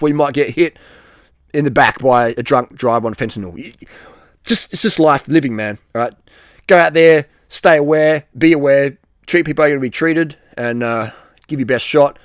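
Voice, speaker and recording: A middle-aged man rants in a blunt, cursing, rambling monologue. His voice sits fairly high for a man, and his sentences fade into low, soft tails. The recording is dry and close. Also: no room sound. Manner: blunt, profane, emphatic, trailing off on "man". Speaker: vlogger giving advice.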